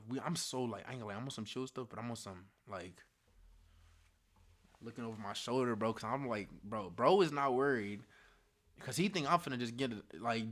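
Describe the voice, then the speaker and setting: A young man tells a story to his viewers in loose, slangy talk. He is animated, sinking into hushed asides and then rising to loud bursts. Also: medium pitch. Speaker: storytime vlogger. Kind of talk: casual storytelling.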